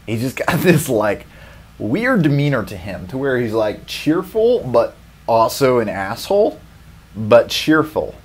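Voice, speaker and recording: Man, comedy podcast host, profane, rambling rant, average pitch. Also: sing-song, unhurried, breathy edge. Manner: profane, rambling, laughs often.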